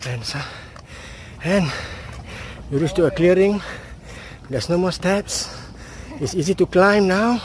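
A man's voice: high-pitched, takes it slowly, pauses often, noisy background. A man, casually talking to the camera while climbing steps outdoors, a bit out of breath. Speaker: outdoor educator vlogger. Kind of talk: casual vlog narration while hiking. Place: outdoors on a hillside trail.

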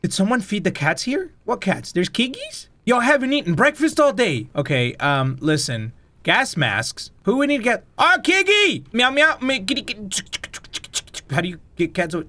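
A man's voice: sits high, a bit bright. A man giving profane, joking let's-play commentary on a VR horror game, switching between English and Spanish. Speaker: VR gamer, channel host.

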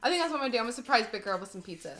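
Bubbly high-voiced woman streamer. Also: very animated, rapid-fire, fairly bright tone. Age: 30s. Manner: bubbly, giggly, rambling. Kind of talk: casual live-stream chat.

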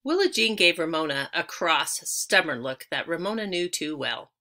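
Woman reading a kids' book out loud, bright forceful tone, a bit low-pitched, leans into the big words. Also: lively intonation, normal speed. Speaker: audiobook reader. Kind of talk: reading a children's chapter book aloud.

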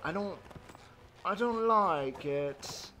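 A male streamer commentating live on his gameplay, excitable and laughing, yelping at the game and talking to his chat. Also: high voice, very slow, a little hiss or hum. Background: game music.

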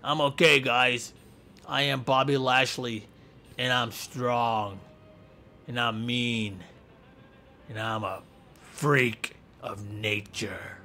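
A man voicing a boastful tough male wrestler in a slow, gruff, deep voice. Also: fairly even intonation, sharp tone, soft background music.

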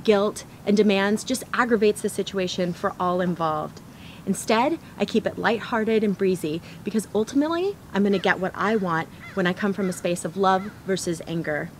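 A woman's voice: medium pitch, darkish tone. Earnest mother in a roomy room. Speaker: parenting coach. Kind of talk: instructional parenting talk. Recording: roomy echo, faint background noise.

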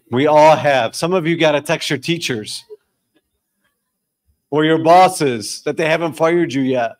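A man leading a lively sermon for a live audience, asking questions and answering them himself, swinging between loud bursts and quiet, slowed emphasis. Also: on the high side. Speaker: religious discussion leader.

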